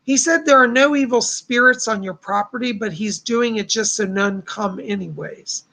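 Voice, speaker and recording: Gravelly, chatty male psychic host. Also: sits high, normal speed, sharp tone. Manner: chatty, reassuring, upbeat. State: strained voice. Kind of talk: casual live-stream psychic readings.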